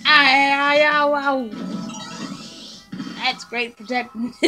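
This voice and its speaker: A woman's voice: high voice, fairly even intonation, extremely slow, sharp tone, faint music behind. A woman giving playful, teasing commentary while playing a video game, laughing often. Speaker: gamer. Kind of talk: casual gameplay commentary.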